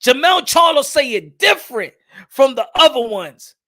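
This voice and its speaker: A young man hosting a lively live-streamed boxing morning show, hyped and shouty, with street slang and Spanish phrases. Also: very high-pitched, moderate pace.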